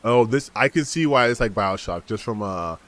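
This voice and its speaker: Male game streamer, low voice, chatty, playful fake-British tries. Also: lively intonation, normal speed, fairly bright tone. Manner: chatty, joking, playing with a mock British enunciation. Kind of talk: gaming livestream commentary.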